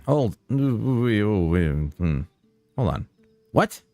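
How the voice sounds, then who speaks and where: A man doing casual let's-play commentary on a stream, joking and often jumping to loud exclamations. His voice sits a little low and swings widely in pitch. Faint game music plays behind him. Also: very animated, very slow, dry recording. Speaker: streamer playing a video game.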